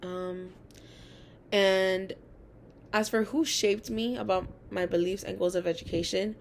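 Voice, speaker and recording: A woman's voice: mid-range voice, a little slow, vocal fry, slight background noise. A young adult woman and college student telling personal school stories in a chatty way, full of fillers. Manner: chatty, many fillers, animated quoting of others. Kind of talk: casual personal storytelling.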